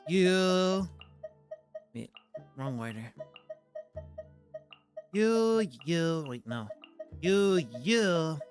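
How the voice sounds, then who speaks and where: A man's voice: sits high, sing-song, very slow, pauses often, soft background music. Chatty, exasperated male streamer. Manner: exasperated, chatty, stumbles over words. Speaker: VTuber streamer. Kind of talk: casual game-stream commentary.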